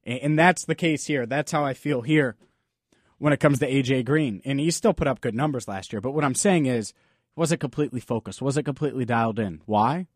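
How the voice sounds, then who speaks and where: A man's voice: medium pitch, brisk, dry recording, clean studio sound. A man hosting a sports talk podcast, delivering an emphatic, opinionated monologue full of rhetorical questions. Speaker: podcast host.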